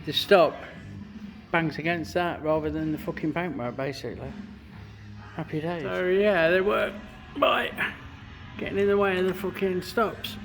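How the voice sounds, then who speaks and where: A man in his fifties talks through a motorcycle build in his workshop, salty and rambling, swearing freely as he goes. His voice sits a little high for a man, and soft music plays underneath. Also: moderate pace.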